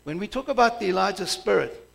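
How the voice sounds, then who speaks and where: A man's voice: high voice, expressive, quick pace, vocal fry, a bit bright. A male pastor preaching a sermon from the pulpit in a conversational, aside-filled way. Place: church.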